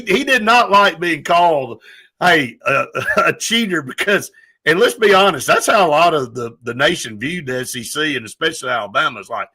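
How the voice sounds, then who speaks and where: A man hosting a sports talk show, his voice bright and forceful and pitched a little high. He tells stories with a lively, opinionated edge in casual conversation. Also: normal speed, breathy edge. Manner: animated, opinionated storyteller.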